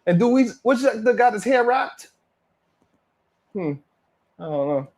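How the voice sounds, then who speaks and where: A man's voice: extremely high pitch, expressive, measured pace, darkish tone. A man hosting a casual livestream, chatting and reacting to viewers with laughs, sighs and slang. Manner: laid-back, laughing, sighing, drawling slang. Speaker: livestream host. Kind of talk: casual livestream chat reading super chats.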